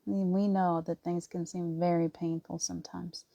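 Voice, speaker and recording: A middle-aged woman hosting a livestream spiritual talk, earnest and quick to laugh, often restarting her sentences. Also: on the low side, flat delivery, vocal fry, mellow, dry recording, lo-fi sound. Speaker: spiritual host.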